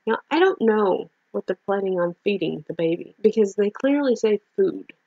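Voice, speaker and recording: A woman's voice: mid-range voice, animated, normal speed, dark tone, breathy edge, no echo. A woman co-hosting a podcast, chatting casually and teasing her co-host as she recaps an episode. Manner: teasing, jokey, quotes lines in put-on voices. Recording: dull, lo-fi podcast audio.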